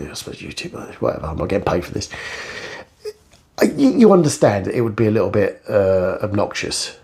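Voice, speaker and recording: A man's voice: medium pitch, gravelly, darkish tone. A middle-aged man in a casual ranting monologue, blunt, profane and sarcastic. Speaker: vlogger.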